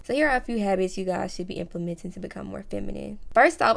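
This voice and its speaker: Chatty woman with a gravelly edge. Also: medium pitch. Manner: chatty, slang-filled, addresses viewers as y'all and baby. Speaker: lifestyle vlogger. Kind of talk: casual advice vlog.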